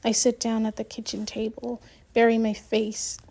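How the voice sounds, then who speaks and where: A woman narrating an audiobook in the first person, reading gently with the odd restart. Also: fairly high pitch, completely flat delivery, moderate pace.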